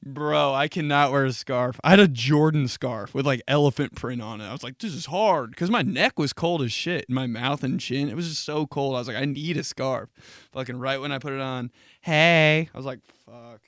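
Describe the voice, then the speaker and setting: A man's voice: mid-range voice, fairly quick, dry recording, studio quality. A young man telling stories with lots of swearing and laughter, in a casual comedic podcast monologue. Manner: profane, animated storytelling with frequent laughter. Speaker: podcast host.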